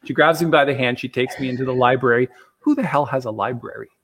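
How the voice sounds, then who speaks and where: A man's voice: medium pitch, fast, a bit bright, a little hiss or hum. A man casually telling a personal story as a guest, rambling, with plenty of fillers and chuckles.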